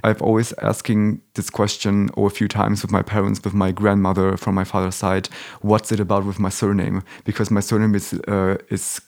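Low-voiced man, hesitant and searching. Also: flat delivery, normal speed, gravelly, few pauses, darkish tone. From Germany. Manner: hesitant, searching for words, many restarts. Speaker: interview guest. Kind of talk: casual interview conversation.

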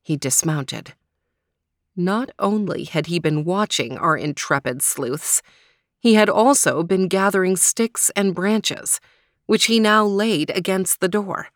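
A woman narrating a children's mystery story in a steady storytelling manner. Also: on the low side, slow, no echo, studio quality.

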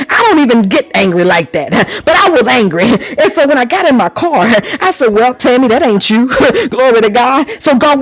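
A woman preacher delivering a fervent, folksy sermon. She repeats exclamations of praise, laughs often and sometimes drops into low murmured prayer. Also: rough recording. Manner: folksy and conversational.

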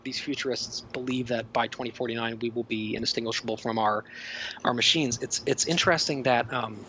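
A man's voice: mid-range voice, fairly even intonation, fairly quick, sharp tone. A man co-hosting a podcast, talking through film ideas in a rambling, thoughtful way. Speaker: podcast co-host. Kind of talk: casual film discussion. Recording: dull lo-fi podcast audio with faint background noise.

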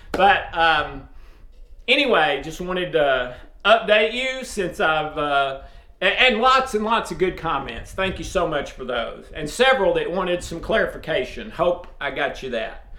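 A man from East Tennessee with a strong Southern accent, casually and loudly addressing viewers as host of a faith video series. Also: high voice, sing-song, a little slow. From East Tennessee, USA. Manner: loud, speaks up forcefully. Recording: roomy echo.

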